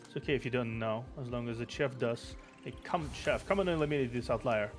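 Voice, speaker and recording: A man reading the lines of a smug, scheming male manager who loudly taunts the others. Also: mid-range voice, fairly quick, close to an everyday voice. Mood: gloating. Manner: loud gloating taunts. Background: background game music.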